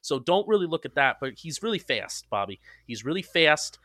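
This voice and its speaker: Bright-voiced young man, casual sports chat. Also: on the high side, sing-song, dry recording, studio quality. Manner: quick, self-mocking, stumbles into restarts. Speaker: podcast co-host.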